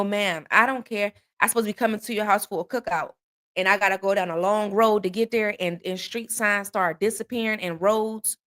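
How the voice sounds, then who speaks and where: A woman from the American South hosting a casual chat with viewers, animated and jokey, with exaggerated disbelief. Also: mid-range voice. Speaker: host.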